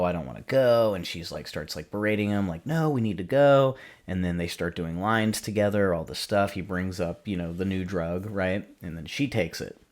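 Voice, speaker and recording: A man hosting a podcast, casually retelling a film's plot in a rambling way, with many fillers and restarts. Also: low-pitched. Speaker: podcast host. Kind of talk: casual film recap.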